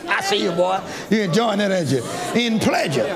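Male pastor, high lively voice, folksy and exuberant, live sermon with congregation audible. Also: normal speed. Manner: exuberant preaching, bursts into shouts and laughter; folksy, talks directly to congregation members. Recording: live church with crowd audible.

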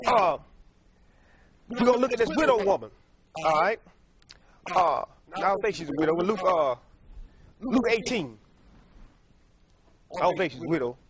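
A man's voice: high-pitched, animated, normal speed, long pauses. A male preacher delivering a sermon in a folksy, repetitive way, often stopping to correct himself and laughing at his own stories. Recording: congregation heard behind.

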